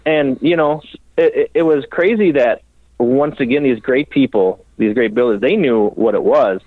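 Profane, animated man on a tinny line. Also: medium pitch, normal speed, dry recording. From Minnesota. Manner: animated, profane, rambling storyteller. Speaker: bike builder guest. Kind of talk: casual storytelling interview.

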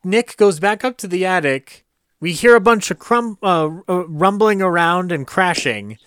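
A man's voice: high-pitched, lively intonation, a little slow, fairly bright tone, clean tone, no room sound, studio quality. A man co-hosting a casual podcast chat, who laughs often and restarts his sentences. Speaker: podcast co-host.

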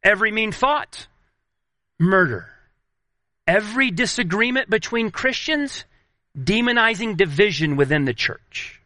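A man preaches with a high, strikingly bright and sharp voice. He speaks earnestly, slowing and sinking his tone to press a point home. The recording is close and dry, with no room sound. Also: expressive, no echo. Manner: earnest, slows and drops low for emphasis. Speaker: pastor. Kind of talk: sermon.

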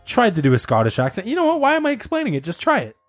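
A man co-hosting a casual chat, telling a story in an animated, laughing way. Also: high voice, rapid-fire, faint music behind.

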